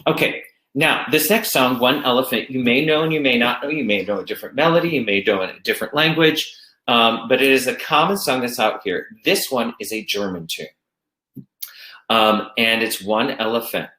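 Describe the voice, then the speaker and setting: A male elementary music teacher talks through a classroom activity in a chatty, easygoing way and sometimes breaks into slow singing. His voice sits at an ordinary middle pitch. The sound is roomy and echoey. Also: pushed and bright. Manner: chatty, demonstrates songs by singing them slowly. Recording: roomy echo.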